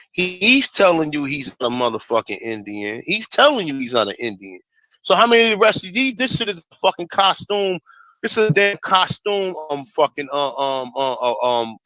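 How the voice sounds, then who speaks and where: A man's voice: fairly high pitch, sharp tone, dry recording, rough recording. A man who hosts a casual commentary vlog. He curses freely, rants with heat, and stumbles over names as he reads a text aloud. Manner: profane, heated, stumbles over names while reading. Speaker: host.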